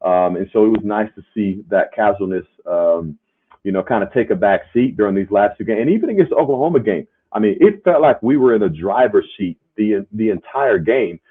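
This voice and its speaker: A former player co-hosting a casual sports podcast makes emphatic, punchy points, often tacking on tag questions. His voice is lowish, expressive and fairly quick with a breathy edge, and the audio sounds tinny, like a phone.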